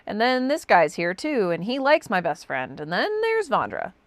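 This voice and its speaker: A young woman co-hosting a casual book chat, chatty and animated. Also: medium pitch, normal speed, dry recording. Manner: chatty, animated, fond of quoting characters. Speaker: podcast co-host.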